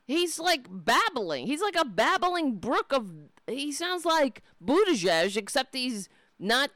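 A woman's voice: high-pitched, sing-song, slow pace, fairly bright tone, no room sound. A woman ranting in angry, profane, sarcastic commentary as she reacts to political clips.

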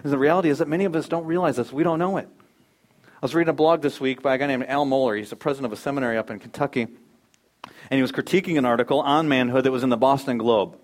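A man preaching a sermon as pastor to his church, reading scripture and pressing his points with emphatic, rising exhortation. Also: medium pitch.

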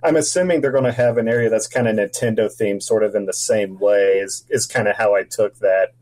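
A man's voice: on the low side, fairly even intonation, brisk, a little mellow, rough recording. A man joining a podcast as a guest over a video call, easygoing and thinking aloud. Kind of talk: casual chat.

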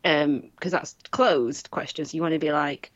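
A woman with a Manchester accent, co-hosting a casual chat and telling animated stories, acting out what people said. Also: low voice, normal speed, no room sound, highs cut off. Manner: animated storytelling, acts out quoted voices, laughs often. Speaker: podcast co-host.

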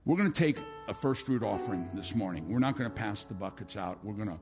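A man's voice: on the low side, expressive, fast, music in the background. A male pastor preaching a sermon to his church, telling a long story with many restarts and asides.

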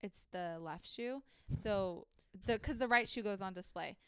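A woman's voice: medium pitch, measured pace, fairly bright tone, clean tone, dry recording, studio quality. Young woman telling a rambling workplace story. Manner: chatty, heavy use of "like", acts out quoted people. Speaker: podcast co-host. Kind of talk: casual storytelling chat.

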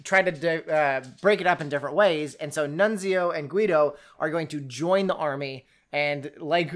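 A co-host chatting casually about a book in an animated, rambling way, often restarting sentences. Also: medium pitch, moderate pace. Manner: animated and rambling, breaks into quoted voices, many restarts. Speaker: podcast co-host reviewing a book. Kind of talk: casual chat.

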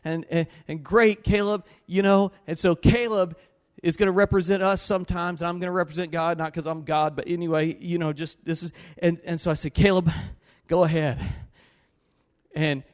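A man preaching a sermon, telling a story with animated swings between loud bursts and low, earnest pleas. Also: brisk, few pauses, smooth, long reverb tail.

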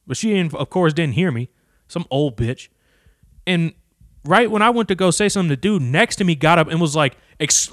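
A man ranting to camera, cursing constantly and swinging from low muttering to loud, heated outbursts. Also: no echo, clean studio sound. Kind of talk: profane rant to camera.

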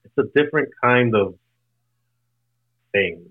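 A man's voice: medium pitch, lively intonation, takes it slowly, narrow, tinny audio. A young man in casual chat, laid-back and joking, heavy on casual slang.

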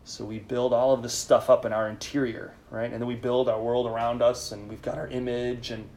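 A priest speaking in a conversational sermon to a live group, leading them in call-and-response. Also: male voice, medium pitch, little pitch movement, a little fast, a little mellow. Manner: informal, leads call-and-response with listeners.

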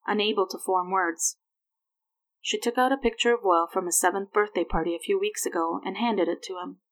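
A woman reads a romance story aloud, steady and plain, at an ordinary middle pitch. It sounds like a home reading of fan fiction. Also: poor audio. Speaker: reader.

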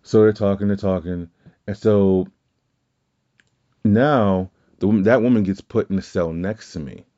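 Podcast host, male, low mellow voice, rambling and profane, muffled audio. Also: unhurried, pauses often. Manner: rambling, profane, self-correcting. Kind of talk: casual storytelling chat.

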